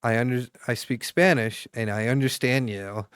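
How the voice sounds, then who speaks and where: Young man streamer, smooth dry voice. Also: medium pitch, steady tone, moderate pace, no room sound. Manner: rambling, chatty, full of fillers and restarts. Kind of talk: casual chat with viewers.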